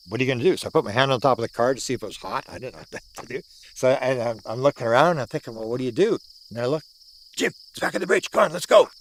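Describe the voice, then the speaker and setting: A man's voice: mid-range voice, a little hiss or hum. A man in his sixties from Canada, an older UFO researcher telling a story outdoors, repeating words for emphasis and acting out what people said. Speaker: UFO researcher recounting a sighting. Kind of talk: animated storytelling. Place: outdoors at the sighting site.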